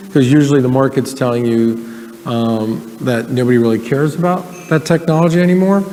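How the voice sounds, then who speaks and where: A man who is a hedge fund manager, speaking as a guest in an onstage conversation and telling stories in a relaxed way with many fillers. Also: mid-range voice, slight background noise. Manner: storytelling, relaxed, frequent fillers. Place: event stage. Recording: live hall reverb, faint ambience.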